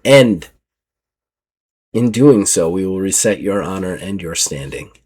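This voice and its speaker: GM as a low, slow, menacing pious officer. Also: male voice, animated, darkish tone, slightly rough, full character voice. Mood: grave. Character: stern pious older male officer, menacing villain.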